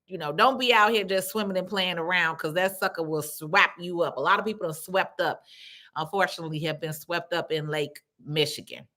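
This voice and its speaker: A woman's voice: fairly low pitch, a little fast. A middle-aged woman, hosting a casual livestream and chatting through viewer comments. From Chicago. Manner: chatty, animated, reads comments aloud. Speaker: livestream host.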